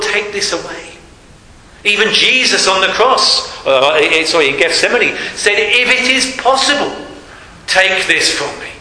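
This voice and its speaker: Male preacher, bright, fairly high voice, earnest sermon delivery that drops to hushed emphasis, echoey hall. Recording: echoey hall with long reverb, faint hiss.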